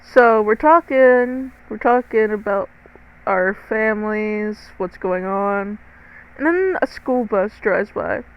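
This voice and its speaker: Teenage girl, storytime narration, slow unhurried delivery, chatty, dramatic asides, swears. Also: medium pitch, smooth, highs cut off. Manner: chatty and dramatic, swears freely, talks straight to viewers. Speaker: storytime vlogger.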